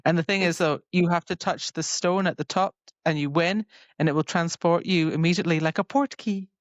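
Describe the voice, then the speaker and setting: On a casual book-club podcast, a co-host talks through a novel, peppering her scene retellings with "like." She speaks briskly in a lower register. The recording is dry, with no room sound, but it has a dull lo-fi quality.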